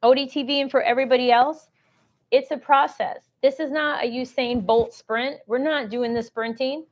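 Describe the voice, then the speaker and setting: A woman's voice: high voice, steady tone, moderate pace. A woman hosting a live-streamed shopping show, talking chattily and salesy while reading out and answering viewer comments. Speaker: host of a live shopping stream on government contracting.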